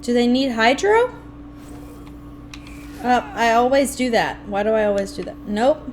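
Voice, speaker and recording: A young woman streaming a video game live, talking to herself and her chat in an animated, playfully grumbling way. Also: fairly high pitch, a little slow, slight background noise. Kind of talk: live gameplay commentary.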